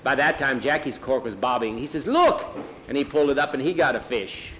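Guy telling a story out loud, folksy and unhurried, medium voice. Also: mid-range voice, slight background noise, rough recording. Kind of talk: oral storytelling.

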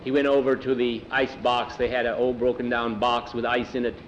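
Male storyteller, folksy unhurried narration, middle pitch, faint road noise behind. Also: level tone, highs cut off. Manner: plain, unhurried folksy telling. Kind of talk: oral storytelling.

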